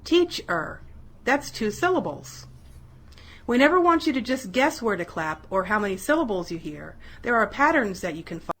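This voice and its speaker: A woman narrating a scripted lesson for children, saying each example word slowly and clearly. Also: mid-range voice, big pitch swings, a bit bright. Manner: sing-song, slow, stresses each example word. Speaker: teacher in an educational video.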